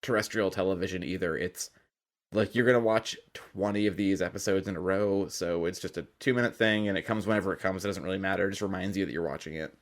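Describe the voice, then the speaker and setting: A man co-hosting a podcast, talking in an animated, jokey way. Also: low-pitched, fast talker. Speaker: podcast co-host. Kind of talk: casual chat.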